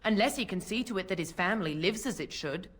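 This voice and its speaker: A woman's voice: mid-range voice, expressive, fast talker, a bit bright. An actress playing a bitter, hard-up mother of five in a video game, cold and contemptuous. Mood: scornful.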